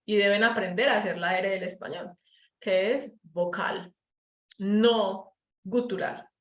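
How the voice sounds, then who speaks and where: A woman's voice: medium pitch, fairly even intonation, a bit bright. Colombian woman teaching English in a roomy space. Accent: Colombian Paisa Spanish. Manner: explains slowly, switching into Spanish, modelling sounds. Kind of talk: online English class.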